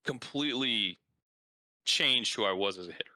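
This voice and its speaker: A man's voice: mid-range voice, moderate pace, dry recording. A man hosting a casual interview, telling stories with lots of "like" fillers. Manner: animated storyteller, frequent "like" fillers. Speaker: podcast host and baseball coach.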